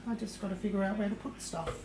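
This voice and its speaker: A woman's voice: mid-range voice, steady tone, quick pace, mellow, a little hiss or hum, lightly acted. Woman doing a posh english lady cook, vain and theatrical, darling this darling that, echoey kitchen. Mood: boastful. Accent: English, put on. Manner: theatrical, calls people darling. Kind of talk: live-streamed comedy cooking show in character. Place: home kitchen.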